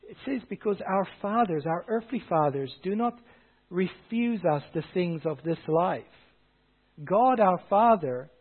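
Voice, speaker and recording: A man with a high-pitched voice preaches earnestly, pushing harder on the phrases that matter. The sound is thin and tinny, like it came through a phone line. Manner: earnest preaching, swelling louder on key phrases. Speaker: pastor. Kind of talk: sermon.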